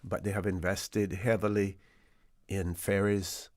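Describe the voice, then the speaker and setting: A Caymanian man hosting a radio talk show, talking in a relaxed, rambling way with plenty of fillers and restarts. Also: sits low, unhurried, dry recording, studio quality. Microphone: studio microphone.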